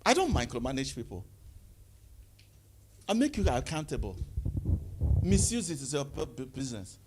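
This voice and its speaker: A man giving a lively motivational talk to a live audience, calling out questions and having the crowd answer. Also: normal speed, slight background noise. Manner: call-and-response, rising to high exclaims. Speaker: motivational speaker.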